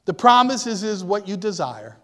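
A man's voice: sits high, big pitch swings, moderate pace, sharp tone. A man preaching a sermon, speaking emphatically and asking the congregation questions. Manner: emphatic, rising and falling, asks the congregation questions. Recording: long hall reverb.

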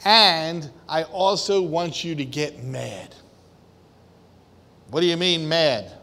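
A male preacher delivers a fervent sermon in a high, bright voice. He takes his time and lets words land, then rises to loud emphasis. The sound rings with the long echo of a large hall. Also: slow pace. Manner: impassioned, swinging from quiet to shouting.

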